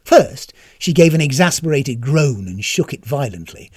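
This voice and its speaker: Wry, expressive storybook narrator. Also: mid-range voice, normal speed, breathy edge, dry recording, studio quality.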